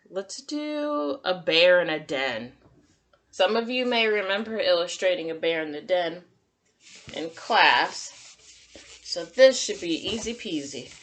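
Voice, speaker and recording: A woman teacher giving a gentle, encouraging drawing lesson to young children and talking through each step as she draws. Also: lowish voice. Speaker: kindergarten teacher.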